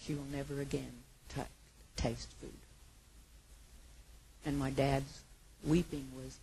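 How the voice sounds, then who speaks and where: A woman preaching a sermon with passion, her voice moving between hushed and loud. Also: a bass voice, little pitch movement, takes it slowly, gravelly, long pauses, slight background noise, poor audio.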